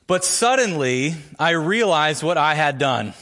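A man's voice: lively intonation, a little slow, hardly any pauses, a bit bright. A man preaching a sermon as a church pastor, opening with a prayer and telling a story with earnest emphasis. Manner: storytelling, earnest, builds emphasis with rising pitch. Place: church sanctuary.

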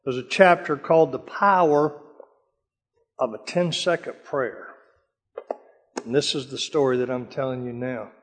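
A man's voice: mid-range voice, steady tone, measured pace, long pauses. Older man preaching in an echoing hall. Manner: dramatic storytelling, drops to a hush for prayers. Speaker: speaker telling war stories. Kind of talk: sermon-style testimony. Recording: long hall reverb.

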